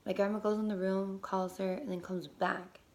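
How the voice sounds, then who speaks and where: A young woman casually telling a personal story as a mother, lively, with many fillers and casual swearing. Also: medium pitch, moderate pace.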